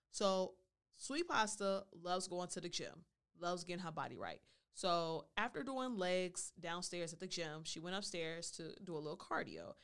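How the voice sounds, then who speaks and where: A woman with a smooth, clean voice tells a personal story on her own podcast. She is playful and chatty, and she slips into talking about herself in the third person. She sounds close to a studio mic. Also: fairly low pitch, a bit bright. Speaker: podcast host.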